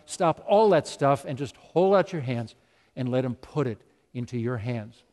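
A man's voice: mid-range voice, lively intonation, a little slow, warm tone. Emphatic male preacher in a reverberant hall. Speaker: pastor. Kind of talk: sermon. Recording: long reverb of a large hall.

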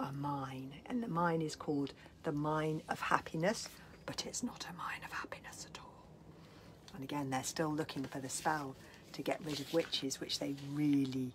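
A woman from London, a children's author, reading her book aloud and answering questions at home over a video call, swinging between loud and whispered. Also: low-pitched, a little hiss or hum. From London, England. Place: home, indoors.

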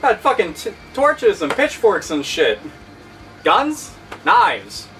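Gruff, scrappy handheld consoles begging for a brawl, as a man puts them on in a rant video. The voice sinks low with tough-guy bravado and sits a little away from the microphone. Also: wildly swooping pitch, slow pace, pushed and bright, recorded from a distance, soft background music, heavily acted. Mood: belligerent. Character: neglected handheld consoles, gruff and spoiling for a fight.

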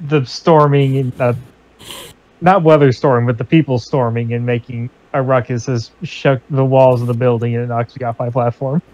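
A man's voice: medium pitch, fairly even intonation, normal speed, a little mellow. A man playing in a casual tabletop role-playing session, laid-back and chuckling. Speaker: player. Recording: dull lo-fi mic.

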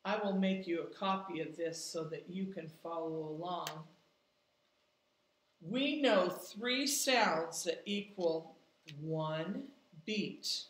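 A woman's voice: on the low side, slow. A woman teaching a music lesson to children at home, patiently explaining and counting out rhythm syllables. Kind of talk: distance-learning music lesson. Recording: echoey room, mic at a distance.

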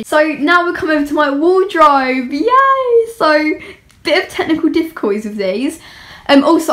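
A young woman talks casually in her bedroom with a slightly high voice. She rambles along with plenty of fillers and little giggles. Her voice has the easy, chatty feel of a bedroom tour vlog. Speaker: vlogger.

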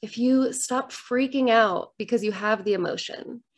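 A middle-aged woman speaks straight to the camera in an earnest, reflective way, her voice sitting a little high. She comes across as a coach sharing a personal moment, unhurried and gentle. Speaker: divorce coach. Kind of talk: candid talk to camera. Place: home room with books.

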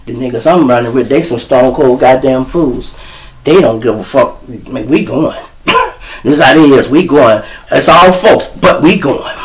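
A man's voice: medium pitch, lively intonation, measured pace, low-quality recording. A middle-aged man, the host, telling street stories in a casual, profane monologue aimed straight at his viewers. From Chicago. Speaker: storyteller host.

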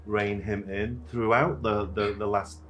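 Playful man with a lowish voice. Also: flat delivery, unhurried, over loud music. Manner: playful, joking, laughs along. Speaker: actor. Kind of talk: press junket interview.

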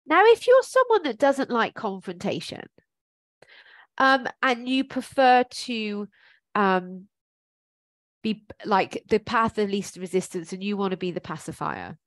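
A woman talks through advice like a life coach, in a friendly, encouraging way that keeps circling back with ums. Her voice sits at an ordinary middle pitch. The recording is close and dry, with no room sound. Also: very animated, unhurried, no room sound. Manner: chatty and encouraging, thinks aloud with many ums. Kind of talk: informal coaching talk.

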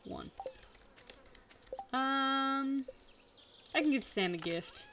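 A woman's voice: high voice, animated, very slow, pushed and bright, a little hiss or hum. A young woman chatting casually while streaming a game, telling an exasperated story. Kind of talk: casual gameplay chat.

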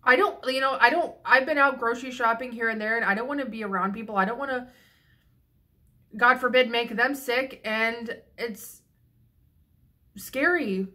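A woman's voice: a little high, moderate pace, pushed and bright. A young woman vlogging, venting frankly and profanely in a rambling casual monologue with frequent restarts, a little tipsy. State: slightly tipsy.

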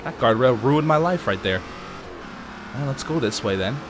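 A man casually commenting while playing a racing game, chatty and jokey with sudden excited outbursts. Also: medium pitch, moderate pace, background noise. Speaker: let's play host.

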